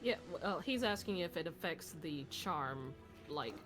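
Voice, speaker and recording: A woman playing a tabletop game over voice chat, chatty and quick to joke. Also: deep voice, animated, a bit bright, faint music behind. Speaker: player.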